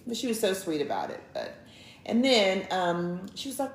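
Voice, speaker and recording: A woman co-hosting a couples show, chatting to viewers as she tells a long story. She acts out each line of dialogue, and her pitch jumps all over. The room is echoey, with a faint hiss behind her. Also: lively intonation, a little fast, creaky. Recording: roomy, with faint background noise.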